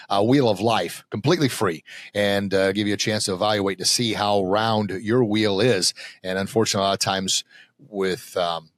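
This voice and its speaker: Male guest coach, emphatic motivator, lower register, dry close-miked sound. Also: no room sound. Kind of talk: podcast interview.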